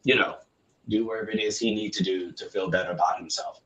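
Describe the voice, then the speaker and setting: A man speaking as a podcast guest, calm and reflective, explaining his thoughts at length. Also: lowish voice, fast talker. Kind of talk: casual podcast conversation. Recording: roomy with faint background noise.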